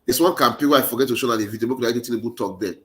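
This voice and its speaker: Rapid-fire and medium-pitched, a Nigerian Pidgin-accented political commentator launches into an impassioned monologue, hammering home rallying phrases to urge on his listeners.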